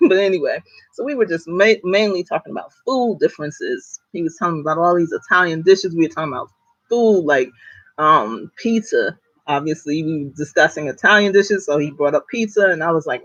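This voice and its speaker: A chatty woman from New Jersey recounts everyday stories to her followers, laughing often and pausing on ums. The sound is dry and a bit dull, close with no room around it. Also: low-pitched, a bit bright, no room sound. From Newark, New Jersey. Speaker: author and vlogger. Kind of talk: casual storytelling to followers.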